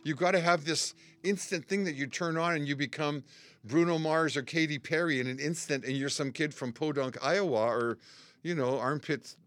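Older Canadian man telling lively stories. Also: on the high side, moderate pace, dry recording. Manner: animated storyteller, acts out quotes and sings snippets. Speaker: musician guest. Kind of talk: casual storytelling chat. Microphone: studio mic.

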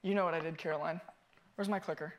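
A man preaching as a family pastor. He tells lively stories, pokes fun at himself and acts out the scenes he describes. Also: fairly high pitch, fast, a little hiss or hum. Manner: animated, self-mocking, acts out scenes. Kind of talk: sermon with personal storytelling.

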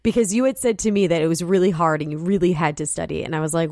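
A woman co-hosting a casual chat, teasing and playful, quick to laugh. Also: on the low side, fairly even intonation, darkish tone, dry recording, studio quality. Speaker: co-host.

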